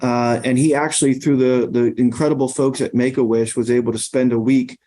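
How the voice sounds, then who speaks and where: A man's voice: medium pitch, level tone, fairly quick, warm tone. A middle-aged man, a podcast guest, tells long anecdotes in casual conversation, full of fillers and restarts. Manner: rambling anecdotes with many fillers.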